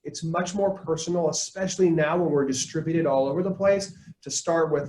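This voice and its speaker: A man presenting a live leadership webinar, coaching his audience in an energetic tone and acting out the lines he quotes. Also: a little high, a little fast, few pauses, reverberant, poor audio. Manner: energetic, coaching tone, quotes people in put-on voices.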